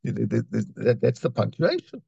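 Gravelly man teaching a Torah class. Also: mid-range voice, wildly swooping pitch, a little fast, warm tone, dry recording, highs cut off. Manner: reads Hebrew lines then translates, with repetitions and restarts. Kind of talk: Torah class explaining texts.

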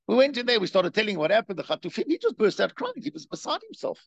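Animated high-voiced male lecturer, gravelly. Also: quick pace, hardly any pauses, dry recording. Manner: animated, rhetorical questions, repeats himself. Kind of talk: spoken Torah lecture. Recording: dull, dry lo-fi recording.

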